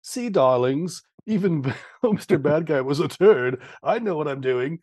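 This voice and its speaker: A man putting on an impression of a flamboyant male rock singer, camp and self-assured, in a slow, theatrical delivery. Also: a little high, lively intonation, darkish tone, no echo, clean studio sound, voice pushed up. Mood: smug.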